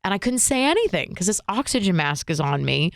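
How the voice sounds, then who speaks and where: A young woman co-hosting a podcast, retelling a personal story in an emotional, animated way full of fillers. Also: medium pitch, fairly quick, vocal fry, dry recording, clean studio sound. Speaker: radio and podcast co-host. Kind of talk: casual conversational storytelling.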